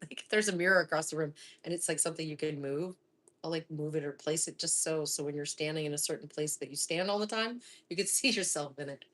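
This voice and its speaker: A middle-aged woman from Florida hosts a live cooking stream from her home kitchen, chatting casually as she cooks. Her voice sits on the lower side, she laughs often, and now and then she drops into a soft half-whisper.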